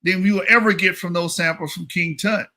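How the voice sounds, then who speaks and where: Man, combative debater, blunt and profane, talks over others, higher pitch, video call audio. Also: fairly even intonation, fairly quick, sharp tone. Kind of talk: heated online debate.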